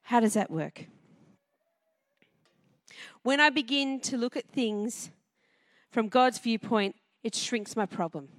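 A woman preaching a sermon to a congregation, lively and conversational, often putting questions to her listeners. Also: fairly high pitch, takes it slowly, long pauses, no echo, studio quality. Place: church before a congregation.

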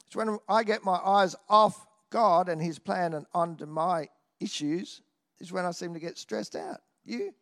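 A man preaching a sermon in an animated way, swinging from loud exclamations to quiet asides and often tossing in a "hey?". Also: high-pitched, normal speed.

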